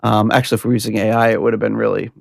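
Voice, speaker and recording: Gravelly, laughing podcast host man. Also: lowish voice, flat delivery, rapid-fire, no echo, clean studio sound. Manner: rambling, laughing, with fillers and restarts. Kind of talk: casual podcast chat.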